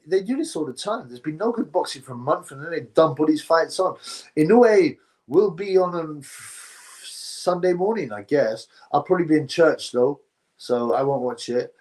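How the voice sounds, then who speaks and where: Male stream host, relaxed rambling chat delivery. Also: a little high. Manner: rambling, drifts between topics, says "bro" often. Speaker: livestream host reading chat. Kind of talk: casual live-stream chat.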